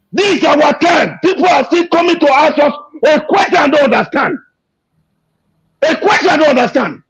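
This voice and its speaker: A man giving an emotional, impassioned political rant, repeating himself and shouting in anger. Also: extremely high pitch. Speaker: activist speaking to an interviewer. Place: abroad. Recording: dull lo-fi recording.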